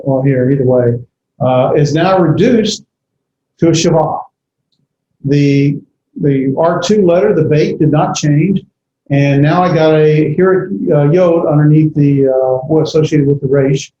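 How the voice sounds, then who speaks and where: A man lectures to a class with a mellow voice that sits a little high. He halts often, filling pauses and restarting his sentences. The recording is dull and lo-fi, with a roomy echo and faint noise behind. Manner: halting, many fillers and restarts. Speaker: instructor.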